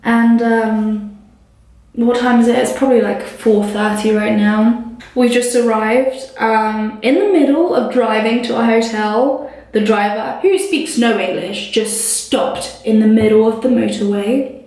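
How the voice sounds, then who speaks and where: A young woman tells a story to camera in a casual vlog, her fairly high voice bouncing around a very echoey hotel room. She acts out what people said and swears freely as she goes. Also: a little slow. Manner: animated retelling with quoted dialogue and frequent swearing. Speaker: vlogger.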